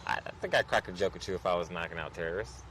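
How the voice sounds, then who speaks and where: A man co-hosting a late-night horror show outdoors at a cemetery, relaxed and hesitant, often repeating his partner's lines. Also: sits low, racing, a little hiss or hum. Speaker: co-host. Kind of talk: casual chat.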